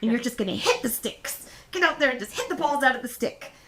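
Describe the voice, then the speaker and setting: A middle-aged woman with a Californian accent, co-hosting a casual podcast chat and telling animated stories about her kids, acting out the quotes in them. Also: fast talker, a crowd in the background. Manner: animated storyteller, acts out quotes in a high voice and laughs often. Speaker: podcast co-host.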